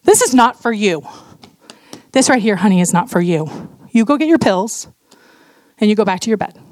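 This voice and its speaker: A woman's voice: mid-range voice, lively intonation, normal speed, a little mellow, no echo, clean studio sound, natural voice. A woman doing a sly, coaxing devil. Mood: mocking.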